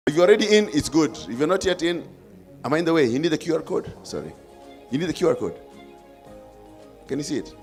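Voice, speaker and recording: A man's voice: a little high, lively intonation, fast talker, pauses often, a little mellow, faint music behind. Upbeat Kenyan man hosting live. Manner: upbeat, coaxing, playful. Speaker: event host. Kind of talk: live audience engagement.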